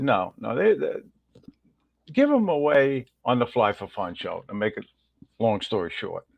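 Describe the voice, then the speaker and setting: A man hosts a laid-back livestream, rambling on and calling out viewers by name. His voice is mid-pitched and the sound is dry and a bit dull, with no room echo. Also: a bit bright. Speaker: livestream host. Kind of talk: casual livestream chat.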